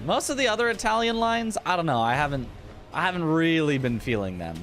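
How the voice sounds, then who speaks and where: A man's voice: a little high, big pitch swings, fast, a bit bright, a little hiss or hum. A man casually chatting and joking while streaming a speedrun. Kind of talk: casual live-stream commentary.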